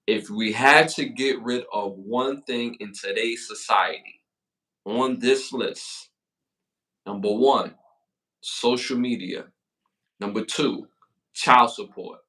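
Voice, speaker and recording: A man with a Brooklyn accent co-hosting a hip-hop podcast, hyping up the chat with slangy shout-outs in casual talk. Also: mid-range voice, slow, long pauses. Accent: Brooklyn, New York. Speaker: podcast co-host.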